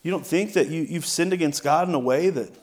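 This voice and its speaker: A man's voice: fairly high pitch, fairly quick. Man preaching a conversational sermon. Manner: conversational, asks "right?" often, varies loudness for emphasis. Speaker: pastor.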